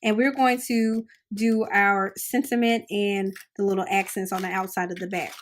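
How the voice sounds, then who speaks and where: A woman's voice: mid-range voice, level tone, moderate pace, slight background noise. A woman hosting a crafting tutorial, chatting upbeat and casual while she works with her hands. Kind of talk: casual how-to demonstration.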